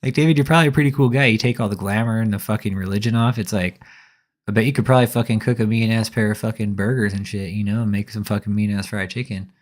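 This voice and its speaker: A man's voice: fairly low pitch, fairly even intonation, fast. Man, reaction commentator, swearing, mocking tone, laughs a lot. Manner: profane, mocking, laughing often.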